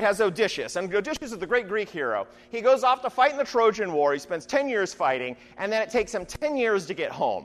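Preacher, animated sermon, swooping pitch, rhetorical questions, long hall reverb. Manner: restarts with "I mean". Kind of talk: conversational sermon.

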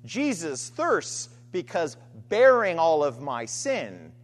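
A woman's voice: low voice, sing-song, slow pace. A woman preaching a sermon, building repeated refrains and asking rhetorical questions. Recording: long hall reverb.

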